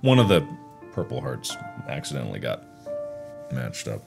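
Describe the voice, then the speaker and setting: Animated man joking through a game. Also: rumbling low, normal speed, creaky, faint music behind. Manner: joking, animated, yelling at setbacks. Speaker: gaming video host. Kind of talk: casual let's-play commentary.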